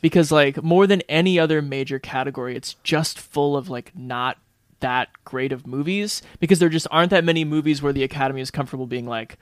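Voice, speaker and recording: A man hosts a podcast in a somewhat high voice, recorded dry and close. He talks things through in a hedging, casual way, often with "like". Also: fairly quick, clear, resonant tone, no room sound. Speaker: podcast host. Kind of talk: casual chat.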